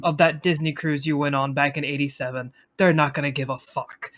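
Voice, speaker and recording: A young male podcast co-host with a fairly high, bright voice speaks a little fast with fairly even intonation. In casual chat he tells rambling stories, swears freely, and laughs often.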